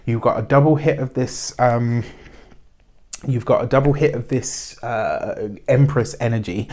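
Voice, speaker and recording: A man's voice: mid-range voice, warm tone. A man giving a weekly tarot reading in a chatty, rambling way, with spiritual phrasing and frequent fillers. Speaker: tarot reader.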